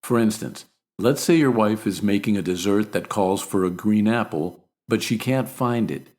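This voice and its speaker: Deep-voiced American man teaching pronunciation. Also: a little mellow. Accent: American English. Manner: clear, measured, repeats examples slowly. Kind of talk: scripted pronunciation lesson.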